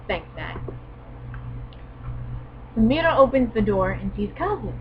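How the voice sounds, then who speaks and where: A woman's voice: fairly high pitch, normal speed, pauses often, highs cut off, slight background noise. A woman reviewing an anime in sarcastic, casual commentary, full of profane, mock-exasperated asides.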